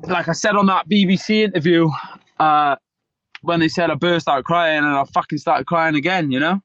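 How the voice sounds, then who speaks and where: A man's voice: a little high, steady tone, moderate pace, fairly bright tone, dry recording, muffled recording. A man, a fighter, talking in an interview with fired-up, emphatic passion and constant swearing. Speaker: MMA fighter, guest.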